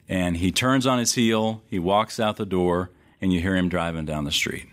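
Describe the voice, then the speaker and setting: A man's voice: moderate pace, few pauses. A middle-aged male pastor preaching a sermon, telling a long story with sudden rises and drops in his voice and hesitant restarts. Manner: storytelling, wide swings in pitch and loudness, hesitant restarts.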